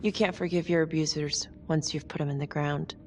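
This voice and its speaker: A woman's voice: deep voice, steady tone, fairly quick, a little mellow, a little hiss or hum, lightly acted. A woman playing a blunt sarcastic detective. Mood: skeptical. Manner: dry, clipped, sarcastic. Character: tough sardonic female detective, blunt and skeptical. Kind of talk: video game cutscene acting. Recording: game score playing underneath.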